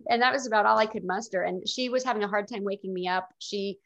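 A woman's voice: mid-range voice, fast, fairly bright tone. A middle-aged woman telling her own story in an interview, in a candid and reflective way. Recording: dull lo-fi recording.

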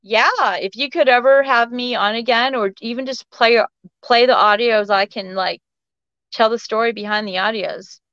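A woman with a somewhat high, slightly bright, clean voice speaks at a moderate pace, captured in a dry recording with dull lo-fi audio. As a guest in a casual storytelling interview, she rambles through personal stories with many fillers and restarts.

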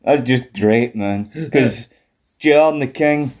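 A man's voice: mid-range voice, slow. A man chatting casually on a wrestling podcast, swearing a lot and laughing often. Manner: profane, animated, laughs often. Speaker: podcast co-host.

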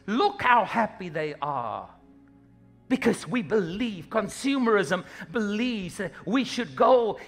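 A man preaching a sermon, animated and humorous, acting out little scenes as he goes. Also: high-pitched, gravelly. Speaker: pastor.

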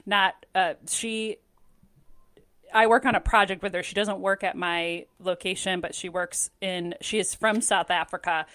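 A woman co-hosting a podcast, chatting casually and quick to laugh. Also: medium pitch, a bit bright, no echo. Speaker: podcast co-host. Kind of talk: casual chat.

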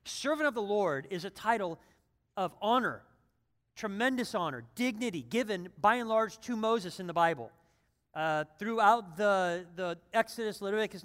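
High-voiced pastor preaching in a reverberant hall. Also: male voice, a bit bright. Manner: conversational, builds to emphatic runs. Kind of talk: sermon.

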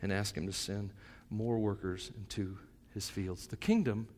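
A middle-aged male pastor preaching a sermon, moving between soft, reflective asides and loud, fervent stretches. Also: fairly low pitch, fairly even intonation, unhurried, long reverb tail.

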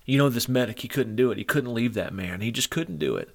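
A man's voice: mid-range voice, big pitch swings, quick pace, few pauses. A middle-aged man preaching a sermon to men, earnest and moved, retelling stories with feeling. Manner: emotional, earnest storytelling.

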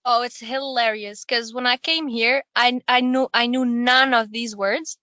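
A woman guest talks candidly and playfully in a casual podcast chat. Her voice is high and bright. It is recorded very dry, with no room sound. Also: steady tone, a little slow, no echo, highs cut off.

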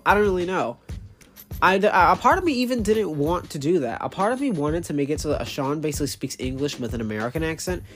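A person at an ordinary middle pitch talking off the cuff about characters they made. They ramble, stumble over fillers and restart sentences, and they swear casually. Soft music plays faintly underneath. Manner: rambling, with many fillers and self-corrections. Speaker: creator explaining their own characters. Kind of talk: casual unscripted talk.

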